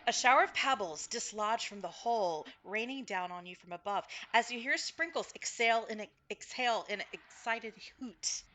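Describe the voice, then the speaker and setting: A woman's voice: on the high side, expressive, normal speed, hardly any pauses, sharp tone. A woman narrating a tabletop game as game master, recapping with frequent fillers and self-corrections.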